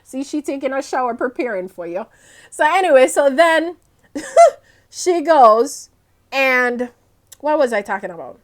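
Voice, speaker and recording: A young woman talks through her game session in a loose, chatty way. Her voice sits a little high, and she rambles, laughs often and drifts off her point. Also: lively intonation, measured pace, long pauses. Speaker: gaming vlogger. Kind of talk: casual gameplay commentary.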